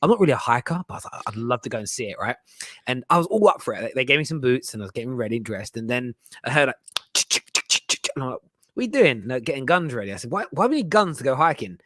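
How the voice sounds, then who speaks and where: A man's voice: mid-range voice, animated, rapid-fire, a bit bright, no echo. A man, co-hosting a casual podcast chat and rambling through anecdotes with restarts and slang. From England. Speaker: co-host.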